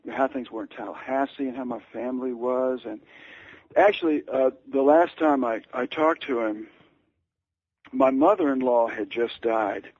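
A man's voice: medium pitch, normal speed, darkish tone, no room sound, highs cut off. A male author and writing teacher, interviewed and telling a story at length, hesitant, with many fillers and restarts.

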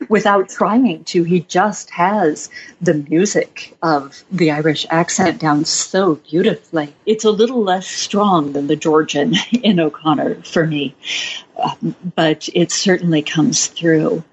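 A woman author answering interview questions in a reflective, measured way, often with soft laughs. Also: low voice, lo-fi sound, slight background noise.

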